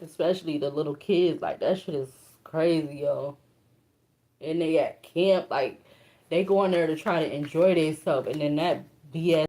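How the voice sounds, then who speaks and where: A woman's voice: deep voice, moderate pace, warm tone. A young woman doing a casual tarot reading, reading card meanings aloud in an emotional, colloquial way. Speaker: tarot reader.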